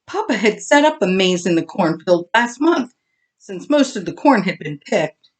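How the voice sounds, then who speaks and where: A woman reading a children's storybook aloud as narrator, in an expressive, animated way. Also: medium pitch, moderate pace.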